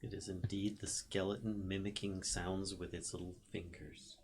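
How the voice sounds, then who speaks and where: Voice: deep voice, little pitch movement, moderate pace, a little mellow, slight background noise. A player in a tabletop game who describes their character's actions and laughs a lot.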